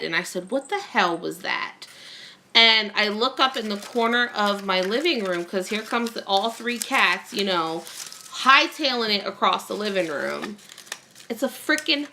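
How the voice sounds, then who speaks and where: A woman's voice: mid-range voice, bright, forceful tone. A woman vlogging at home, chatting casually while crafting and telling a long rambling story full of fillers.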